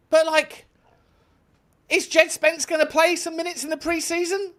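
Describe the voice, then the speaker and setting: A man's voice: very high-pitched, little pitch movement, normal speed, long pauses, fairly bright tone. A man hosting a football fan show, chatting casually in an exasperated, joking way with some swearing. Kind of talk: casual chat.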